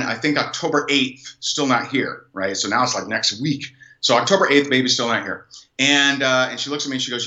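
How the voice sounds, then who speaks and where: A man telling a personal story as an interview guest, animated and rambling, with many fillers and restarts. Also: medium pitch. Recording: dull, echoey room sound.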